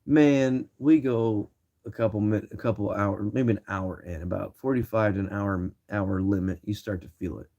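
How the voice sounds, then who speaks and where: A man's voice: fairly low pitch, moderate pace, creaky, dark tone, lo-fi sound. A man in his twenties telling a story to his viewers in a casual, slangy, rambling way with many restarts. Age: 20s. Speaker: vlogger.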